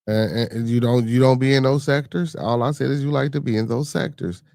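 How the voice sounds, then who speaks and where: A man hosts a casual podcast live stream, reading the chat and replying to viewers in loose slang. His mid-range voice is fairly quick, creaky, and darkish, with no room sound, and his manner is laid-back.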